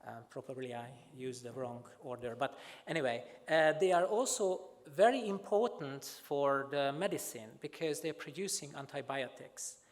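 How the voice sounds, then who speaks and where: Halting man lecturing in a reverberant hall. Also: medium pitch, animated. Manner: halting, many filler sounds and restarts. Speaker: microbiology researcher giving a lecture. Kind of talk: academic talk with slides.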